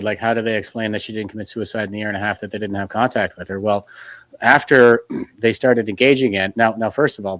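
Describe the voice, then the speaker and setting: A man from Canada speaks as an interview guest, with a fairly low voice recorded dry and close. He talks earnestly and retells conversations in his own words. He often restarts his sentences. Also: fairly bright tone, dry recording. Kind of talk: casual interview talk.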